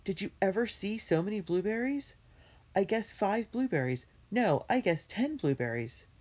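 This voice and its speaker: A woman voicing a small, hungry, excited boy in a children's storybook read-aloud. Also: medium pitch, normal speed, slightly rough, pitched above the performer's own voice.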